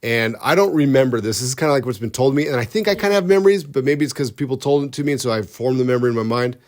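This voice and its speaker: A male podcast co-host tells a story in a loose, rambling way. He often breaks off his own sentences and restarts them, and keeps a light comic tone. His voice sits at an ordinary, mid-range pitch for a man. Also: animated, rapid-fire, a little mellow. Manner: rambling, self-interrupting, comic. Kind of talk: casual storytelling.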